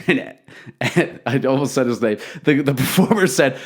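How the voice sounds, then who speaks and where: A young man, a comedian hosting his own podcast, telling a story in a casual, profane monologue and acting out the quotes. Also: a little slow. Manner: profane, animated, acts out quotes with raised pitch.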